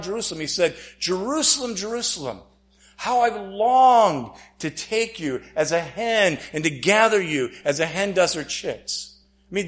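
Emphatic preacher man with a lively voice. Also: a little high. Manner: emphatic, repeats phrases and acts out quotes. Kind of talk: sermon.

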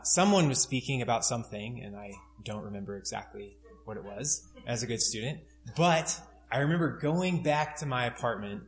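A man's voice: medium pitch, slight background noise. A man in his twenties preaching a sermon, telling a personal story in an earnest way with fillers and restarts. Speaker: pastor.

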